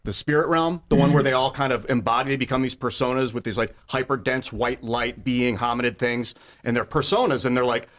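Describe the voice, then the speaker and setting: Mid-pitched man, meandering and spacey, thinking out loud as co-host. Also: fairly even intonation, a little fast, few pauses. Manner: rambling, musing, spacey. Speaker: podcast co-host. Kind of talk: casual podcast chat.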